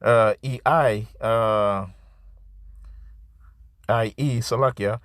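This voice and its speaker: A man preaching an improvised scripture sermon to camera. He talks in a halting, repetitive way, restarting words and tagging lines with "man" and "you see.". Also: medium pitch, fairly even intonation, fairly bright tone, no echo. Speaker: street-style preacher.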